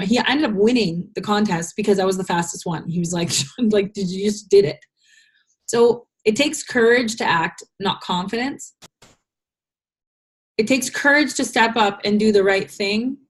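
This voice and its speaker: A young adult woman leading a casual group coaching call, candid and emotional, full of fillers and restarts, fighting back tears. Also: mid-range voice. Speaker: business coach.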